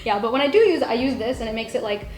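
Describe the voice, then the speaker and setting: A woman's voice: on the high side, expressive, very fast. Chatty young woman in a roomy space. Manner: chatty, lots of fillers, giggly. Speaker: guest artist. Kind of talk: casual chat. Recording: roomy echo with faint music.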